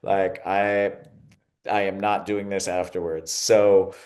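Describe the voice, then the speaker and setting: A man's voice: low-pitched, level tone, slow, a little mellow. A man hosting a podcast in casual chat, telling stories candidly and animatedly, with the odd swear. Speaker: podcast host.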